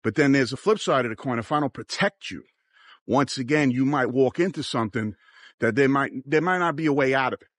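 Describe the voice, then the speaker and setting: A man talks straight to his viewers, with earnest warnings and a casual, repetitive delivery. His voice sits at a medium pitch. The sound is dry and close, with little room tone. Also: fairly quick, a bit bright, no echo. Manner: earnest, cautionary, repeats phrases like once again. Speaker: travel vlogger. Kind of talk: casual advice monologue to camera.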